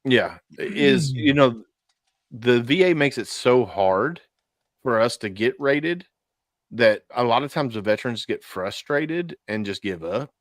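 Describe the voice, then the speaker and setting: A man in his forties, a veteran guest talking casually in an interview, halting and repeating words with many fillers. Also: mid-range voice, animated, dry recording. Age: 40s.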